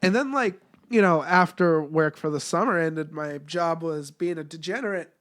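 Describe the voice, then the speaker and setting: A man talks as a guest in a casual podcast chat. He is blunt and laid-back and swears freely. His voice sits a little higher than most men's. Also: normal speed, a bit bright.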